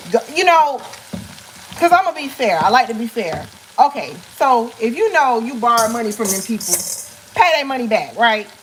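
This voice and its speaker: A playful woman talks to her live-stream viewers while cooking, in a fairly high voice. She jokes and chats casually. Food sizzles and a spoon stirs in the pan behind her in a home kitchen. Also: big pitch swings, moderate pace, a little hiss or hum, low-quality recording. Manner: playful, joking, chatty, addresses viewers as y'all.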